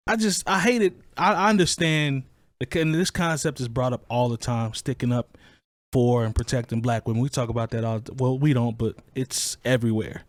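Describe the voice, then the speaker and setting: A man's voice: medium pitch, fairly even intonation, fairly quick, dry recording. A man hosting a hip hop talk podcast, giving his opinions in casual chat with frequent restarts. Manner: conversational, opinionated, restarts a lot. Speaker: podcast host.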